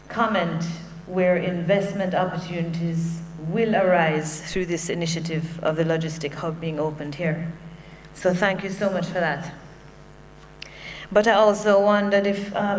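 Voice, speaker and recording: Jamaican woman speaking in a reverberant hall. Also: lowish voice. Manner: conversational, with humorous personal asides. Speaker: workshop presenter from a bank. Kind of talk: conference speech. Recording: long hall reverb, faint hum.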